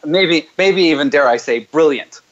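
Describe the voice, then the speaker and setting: A man hosting a call-in coaching show, chatting loosely and then reciting repeated clearing statements in a low, steady way. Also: normal speed, highs cut off. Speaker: host leading callers through clearing statements.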